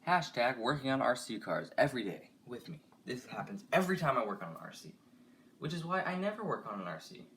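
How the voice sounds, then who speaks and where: A man's voice: mid-range voice, big pitch swings, brisk, fairly bright tone, slight background noise. A young man chatting casually on a live stream while working with his hands, muttering and sighing in frustration. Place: home, working on a toy car.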